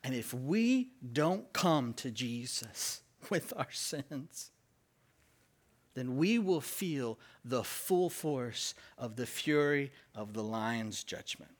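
Emphatic and slow, a pastor's sermon features lively pitch changes and heavy stress on important words. He steers the congregation through call-and-response throughout.

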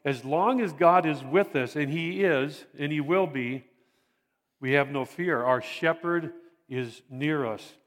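An older man preaching a sermon in an earnest, halting way, often repeating phrases for emphasis. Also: on the high side. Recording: long reverb of a large hall.

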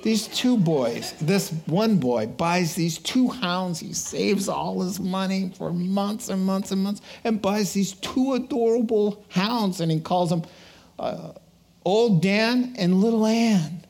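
Middle-aged man, preacher, slow unhurried speech, animated storyteller, sermon. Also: sits high, gravelly. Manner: animated storytelling with laughter, slow deliberate delivery. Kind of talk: sermon with personal stories.

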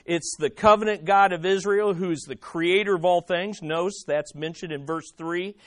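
High-voiced man preaching a sermon. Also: moderate pace, no room sound. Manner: emphatic repetition, asks the congregation questions. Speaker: pastor.

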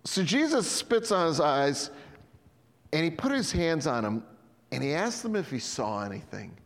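Pastor guy preaching, super expressive, acts out the characters, big reverby church sound. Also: fairly high pitch, normal speed, vocal fry. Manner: lively storytelling, acts out voices, chuckles. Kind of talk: sermon.

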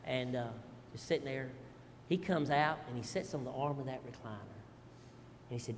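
A middle-aged male pastor, telling family stories in an animated, folksy sermon with asides to the congregation. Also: medium pitch, normal speed, big-room sound, slight background noise. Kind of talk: storytelling sermon.

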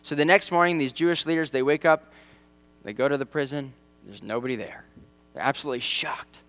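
A man's voice: mid-range voice, fairly quick, a bit bright. Male pastor, mid-range voice, casual preaching with faint hum behind. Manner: conversational, acts out quoted voices. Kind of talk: sermon.

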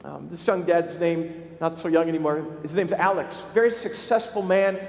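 A man preaching a sermon, telling a story with frequent halting repeats. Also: fairly high pitch, fairly even intonation, vocal fry, darkish tone. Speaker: pastor. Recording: echoey, reverberant space.

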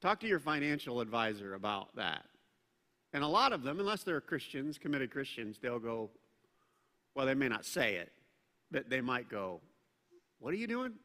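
Brightly voiced male pastor preaching in a hall. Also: mid-range voice, animated, moderate pace. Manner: conversational, joking asides, bursts of emphasis. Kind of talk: sermon.

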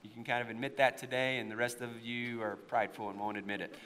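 A pastor with a faint East Tennessee accent preaching a sermon, swinging into loud, impassioned stretches when he stresses a point. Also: mid-range voice, level tone, fast talker. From United States. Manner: impassioned preaching, rising to near-shouts at emotional peaks. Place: church sanctuary. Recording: long hall reverb.

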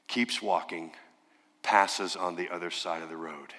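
A man preaching a sermon, telling a story emphatically and dropping to a hush for dramatic effect. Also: deep voice, steady tone, moderate pace. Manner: dramatic, emphatic storytelling with sudden hushed drops. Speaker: pastor. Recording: long reverb of a large hall.

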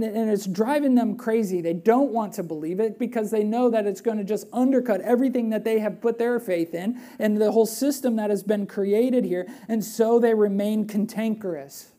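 Woman preacher, conversational sermon, warm dark tone, hushed for emphasis. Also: mid-range voice. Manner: animated and conversational, with rhetorical questions; drops to a hushed, earnest voice for emphasis.

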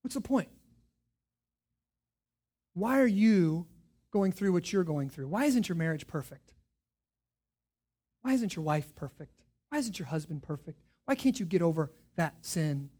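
A man preaching a sermon as pastor, asking rhetorical questions and swinging from hushed lines to loud emphatic ones. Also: high-pitched, animated, measured pace, pauses often.

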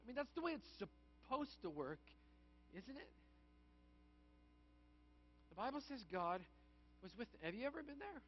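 A man with a high, light voice preaches a conversational sermon and slips into acted asides. The recording sounds dull and lo-fi. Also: sing-song, normal speed, pauses often, slight background noise. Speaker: pastor.

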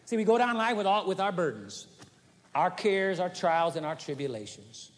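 A high-pitched male preacher delivers a folksy, animated sermon, acting out little scenes. The 1980s live recording from a large arena carries a long, lingering reverb. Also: normal speed.

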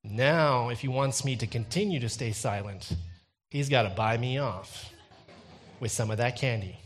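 A young man preaching a sermon, telling a personal story with a light touch and building to loud, intense emphasis. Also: mid-range voice, moderate pace, husky, soft background music.

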